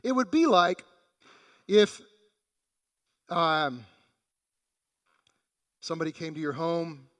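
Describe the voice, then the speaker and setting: A man's voice: a little high, expressive, takes it slowly, pauses often, fairly bright tone, long reverb tail. A man preaching a sermon in a conversational way, acting out the quoted voices in the passage. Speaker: pastor.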